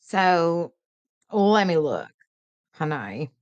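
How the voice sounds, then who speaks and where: A chatty woman hosts a late-night live stream, greeting her viewers by name in a folksy way. Her voice sits low, and it sounds close and dry. She laughs easily and talks freely. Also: sing-song, very slow, dry recording, dull audio.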